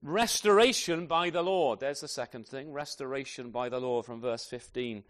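Animated preacher man. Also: medium pitch, normal speed. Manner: animated, asks tag questions often; swings between loud emphatic and soft quiet delivery. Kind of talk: sermon.

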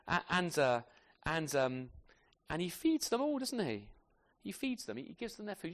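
A man preaching a sermon to a congregation with children, asking tag questions and swinging from loud emphasis to soft, quiet phrases. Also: a little high, normal speed. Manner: animated, asks tag questions often.

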